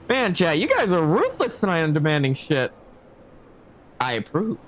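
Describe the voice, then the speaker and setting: A man's voice: a little high, huge pitch swings, moderate pace, pauses often, a bit bright, slight background noise. A man streaming a game, talking casually and animatedly, swearing a lot and laughing often. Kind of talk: casual gameplay commentary.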